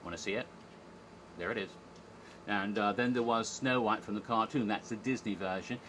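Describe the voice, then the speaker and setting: A man's voice: fairly low pitch, normal speed, fairly bright tone, a little hiss or hum, rough recording. A man casually retelling a comedy stage show, chatty and irreverent, often acting out the characters' lines. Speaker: theme park history vlogger.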